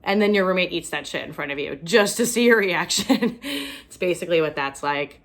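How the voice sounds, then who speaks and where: A young woman from Ohio works through a stand-up set with a self-mocking edge, breaking into laughter at her own jokes. Her voice sits a little low for a woman. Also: brisk. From Ohio, USA. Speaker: stand-up comedian.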